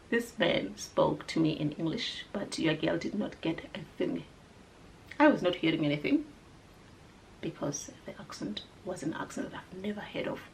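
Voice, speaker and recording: A South African woman whose first language is Sepedi tells a personal travel story in casual chat. She is animated, swings from loud exclamations to hushed asides, and slips into Sepedi mid-sentence. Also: on the low side, gravelly. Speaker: vlogger telling a personal story.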